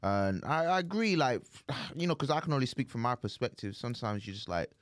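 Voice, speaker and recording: A man's voice: medium pitch, animated, a little fast, no room sound, studio quality. A man co-hosting a podcast, talking in a thoughtful, hedging casual chat with many fillers. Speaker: podcast co-host.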